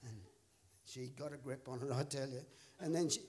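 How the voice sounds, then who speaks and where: A male pastor, telling a story in a sermon with animated, laughing delivery and voices for the characters. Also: mid-range voice, normal speed. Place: church auditorium.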